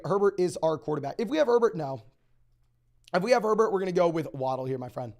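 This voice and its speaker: Fast-talking young man with a high voice. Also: darkish tone. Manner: rapid-fire auctioneer-like delivery. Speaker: fantasy football host. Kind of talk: live stream Q&A.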